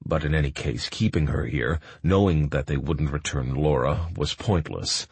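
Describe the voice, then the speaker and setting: A man narrating a first-person audiobook in a calm, measured manner. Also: a bass voice, husky, no room sound.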